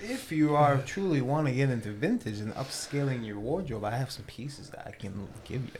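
A man's voice: medium pitch, lively intonation, moderate pace, a little mellow, slight background noise. A man appearing as a guest on a podcast, easygoing and offering friendly help in casual chat.

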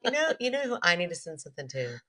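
Animated, low-voiced woman co-host. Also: rapid-fire. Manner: playful, teasing, laughs often. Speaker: podcast co-host. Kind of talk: casual chat.

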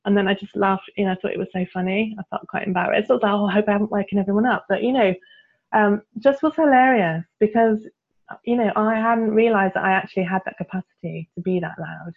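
A woman, a guest coach who tells stories with frequent laughter and leads clearing statements in a conversational interview. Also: mid-range voice, a little fast. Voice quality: laughs often, animated storytelling. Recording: tinny phone-like line.

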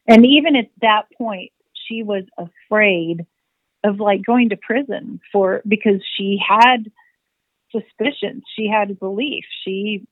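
A woman's voice: mid-range voice, no echo. Middle-aged woman telling a story over a tinny line. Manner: animated, acts out remembered dialogue. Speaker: interview guest. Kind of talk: personal storytelling. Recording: tinny phone-like line, dry.

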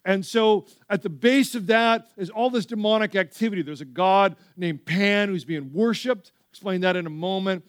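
A male pastor preaching a sermon, telling stories with lively asides to the church. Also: high-pitched, normal speed, few pauses, clean tone, no echo, studio quality. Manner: animated storytelling with frequent asides.

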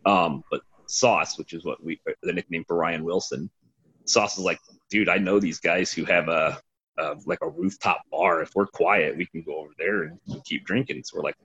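Man, low husky voice, rambling storyteller with curses, dull lo-fi recording. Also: fairly bright tone. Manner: rambling, swearing, laughing storyteller. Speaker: podcast guest, former team DJ. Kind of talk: casual storytelling. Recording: dull lo-fi sound.

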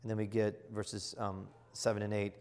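A middle-aged man, a bishop, teaching in an earnest, emphatic sermon style that surges to loud exclamations. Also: on the low side, level tone, normal speed. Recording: long reverb of a large hall.

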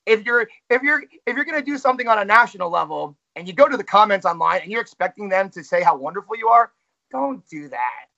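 A man, a ring announcer, chats through an interview with candid, self-critical honesty. His voice sits high and sounds bright and forward. The audio is muffled and lo-fi. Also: lively intonation, fast, gravelly. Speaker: wrestling ring announcer and commentator, guest. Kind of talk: casual interview chat.

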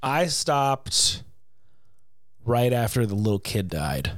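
A man's voice: medium pitch, very animated, takes it slowly, no echo. Wry, joking man co-host, dry sound. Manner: wry, joking, swears casually. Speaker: podcast co-host. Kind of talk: casual chat about a film musical.

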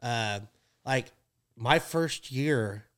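Man telling rodeo stories, animated. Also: mid-range voice, drawn-out words. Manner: animated, acts out quoted voices, laughs often. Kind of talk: casual storytelling chat.

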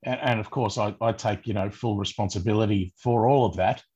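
A man's voice: lowish voice, steady tone, brisk, a little mellow, husky, lo-fi sound. An Australian man co-hosting a coaching podcast, easygoing, with dry humor. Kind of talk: casual chat.

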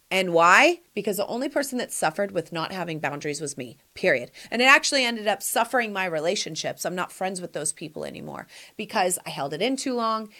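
A woman's voice: mid-range voice, fairly bright tone. A woman in her forties hosting a podcast, giving sassy, emphatic advice straight to her listeners in casual chat. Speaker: podcast host answering listener questions.

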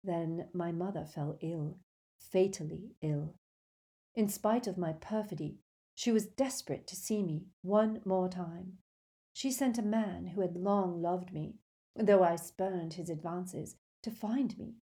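A woman's voice: slow, dark tone. A woman voicing a proud, haughty woman ghost who speaks stiffly and disdainfully, in an audiobook reading. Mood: confessing. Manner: disdainful, stiff, low-voiced.

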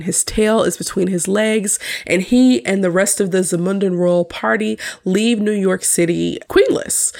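A woman hosts her own podcast and walks through a film review in a loose, conversational way. She talks with a wry, teasing edge and often laughs at her own remarks. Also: mid-range voice. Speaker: podcast host. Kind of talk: casual film review monologue.

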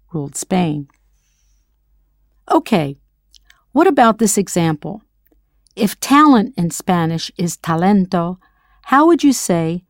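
A woman's voice: mid-range voice, vocal fry, no room sound, clean studio sound. A woman narrating a scripted audio language lesson, quizzing the listener with playful questions. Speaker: language teacher.

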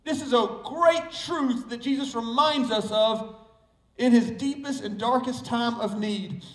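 A male pastor with a Southern US accent preaches a sermon in a very high voice at a measured pace, emphasizing and repeating key words. The room is echoey and the mic is far away.

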